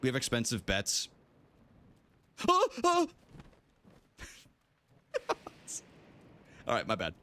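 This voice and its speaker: A man's voice: medium pitch, slow, long pauses. A young adult man streaming a video game live, chatting casually with his viewers, joking and swearing as he plays. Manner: animated, jokey, swears, talks to chat.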